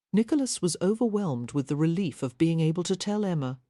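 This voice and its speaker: A woman with a low, mellow voice narrates a historical romance in soft, measured storytelling. The recording is dry and close. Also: animated, dry recording. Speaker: audiobook narrator. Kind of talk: scripted narration.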